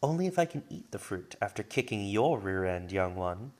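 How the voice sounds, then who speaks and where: Guy doing a teasing kind old master, calm and lowish, story read aloud. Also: normal speed. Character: kind old male warrior master, playful.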